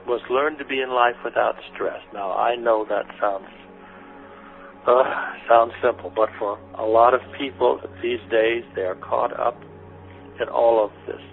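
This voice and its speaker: A man working as a spiritual teacher, giving gentle guidance and answering listeners' questions in a soothing, repetitive way, calling them honey and sweetie. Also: mid-range voice, fairly even intonation, a little slow, creaky, faint music behind. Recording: phone-like lo-fi radio recording with faint noise.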